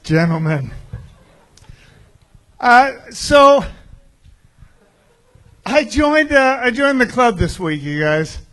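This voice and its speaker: A young man with a notably high voice performs a stand-up set. He talks crudely and confessionally, building each bit toward the punchline. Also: a bit bright, low-quality recording. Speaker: stand-up comedian.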